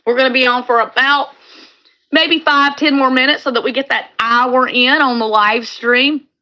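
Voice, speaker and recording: A woman's voice: high-pitched, fairly even intonation, normal speed, sharp tone, dull audio. A middle-aged woman from California hosting a casual livestream chat, talking in a heartfelt, rambling way and repeating her phrases. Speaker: livestream host.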